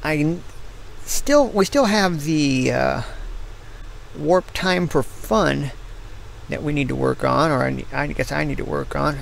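A tired middle-aged American man with a gravelly voice, yawning as he rambles through casual commentary on his gameplay stream. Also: fairly high pitch, steady tone, unhurried, slight background noise, low-quality recording.

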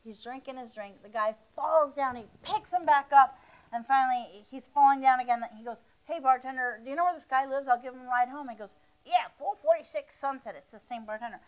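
High-voiced woman stumbling through a joke. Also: brisk, poor audio. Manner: rambling, stumbling storytelling. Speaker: guest stand-up comic. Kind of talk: telling jokes on a talk show.

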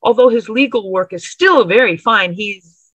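A nervous young clerk , voiced by a woman reader, talks in a flustered, apologetic rush. The tone is bright and a little breathy. The recording is dry and close. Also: mid-range voice, moderate pace, no room sound, lo-fi sound, natural voice.

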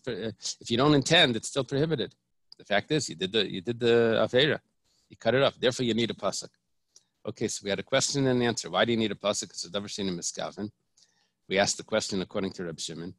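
Rabbi guy teaching talmud, lowish gravelly voice, explains step by step, dry close recording. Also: fairly bright tone, no room sound. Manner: explanatory, repeats and restarts, mixes Hebrew terms. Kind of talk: Talmud lesson, explaining aloud.

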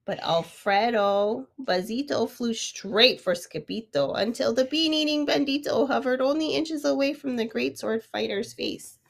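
Slow, expressive woman reading aloud to children. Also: fairly high pitch, vocal fry. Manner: expressive, asks the listening child questions. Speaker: storyteller. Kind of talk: children's storybook read-aloud.

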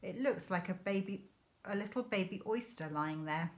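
A woman teacher reading a children's novel aloud in a clear, measured storytelling manner. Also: mid-range voice. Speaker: primary school teacher.

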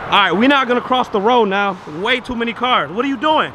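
A man's voice: extremely high pitch, fairly quick, background noise. A young man vlogging outdoors on city streets, joking and teasing his dog in comedic banter. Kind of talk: comedic walking vlog.

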